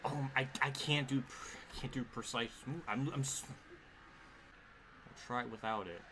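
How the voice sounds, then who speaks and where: A man's voice: mid-range voice, a little slow. A man streaming a racing game live, commenting in an exasperated way, swearing often and laughing at himself. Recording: clear background noise.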